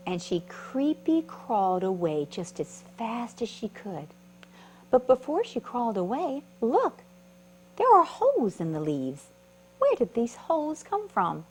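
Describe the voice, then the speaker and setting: A woman's voice: medium pitch, a little slow, slight background noise, rough recording. A woman reading a picture book aloud to children at storytime, asking her young listeners questions as she goes. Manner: animated, asks the listeners questions.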